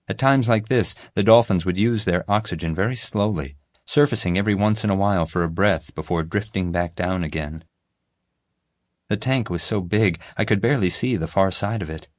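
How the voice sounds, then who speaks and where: A man narrating a children's mystery story in an even, storytelling way. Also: low voice, normal speed, no room sound, studio quality. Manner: steady storytelling. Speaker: audiobook narrator. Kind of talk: scripted narration.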